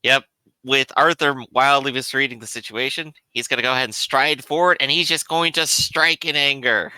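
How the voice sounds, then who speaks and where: A man's voice: medium pitch, moderate pace, sharp tone, smooth, no echo. A man playing a tabletop game, playful and chuckling as he describes his character's moves. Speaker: player. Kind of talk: casual tabletop play.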